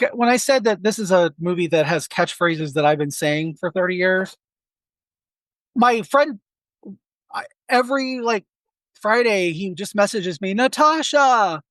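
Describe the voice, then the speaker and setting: A man's voice: high-pitched, lively intonation, measured pace, long pauses, a bit bright, no echo. Man in his forties telling a rambling story. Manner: chatty, rambling anecdotes with many asides. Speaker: podcast co-host. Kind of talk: casual storytelling chat.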